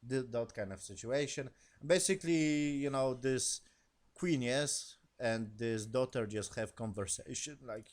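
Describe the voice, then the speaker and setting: A man's voice: medium pitch, a little slow. Guy reviewing a tv episode, swears a lot, rambles, broken english, mid voice. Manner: rambling, profane, animated retelling with acted quotes; non-native English grammar. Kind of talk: casual spoken review.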